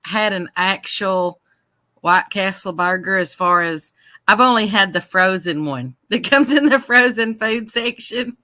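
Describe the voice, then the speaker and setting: A bright-toned woman from Texas chats in a friendly, easy way. She sounds a little tired and queasy. Her voice is clear and forward. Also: medium pitch, measured pace, dry recording. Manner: chatty and friendly. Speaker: caller. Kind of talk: casual chat.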